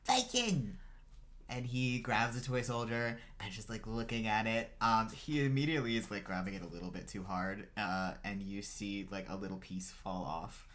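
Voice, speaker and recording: A man's voice: fairly low pitch, steady tone, normal speed, hardly any pauses, a bit bright. A man narrating a tabletop role-playing game as game master, loose and filler-heavy.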